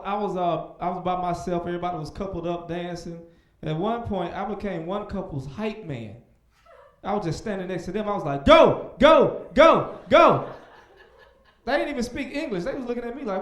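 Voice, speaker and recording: A young man doing a stand-up comedy set on a club stage, animated, breaking into loud shouted voices for punchlines. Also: high voice, echoey room.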